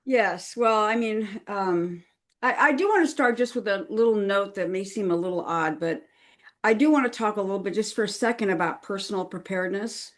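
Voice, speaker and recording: A woman's voice: medium pitch, normal speed. Earnest chatty woman podcast guest. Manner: chatty and earnest, with frequent fillers and laughs. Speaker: crisis management consultant, podcast guest. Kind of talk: conversational podcast interview.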